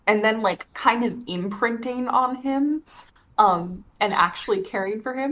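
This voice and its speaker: A tired woman chatting casually as a podcast guest, rambling excitably and swearing freely. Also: on the high side, slow pace. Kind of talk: casual chat. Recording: dull lo-fi mic.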